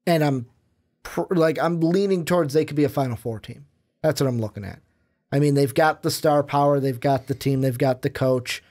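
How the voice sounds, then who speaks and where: A man's voice: a little high, normal speed. Chatty male sports podcast host. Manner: chatty, drives the segment. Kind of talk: casual sports talk.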